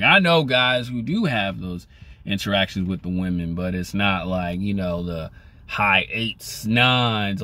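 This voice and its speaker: A young man vlogging casually to the camera, rambling with many "you know" fillers in a laid-back conversational way. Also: pushed and bright. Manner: laid-back and conversational, pitch rises when acting out lines.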